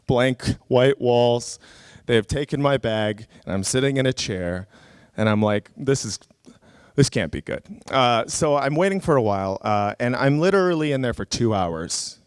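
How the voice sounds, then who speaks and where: A man's voice: fairly low pitch, clean tone, no room sound, clean studio sound. A comedian telling a story live, chatty and self-mocking, with frequent fillers and laughs at his own jokes.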